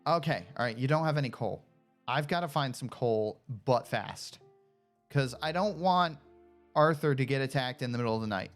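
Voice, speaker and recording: A woman giving casual gameplay commentary, excitable, talking to herself and coaxing a pet along. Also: very deep voice, normal speed, faint music behind. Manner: animated, talks to herself and coaxes a pet pig; excitable shouts and cheers. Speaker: gaming streamer.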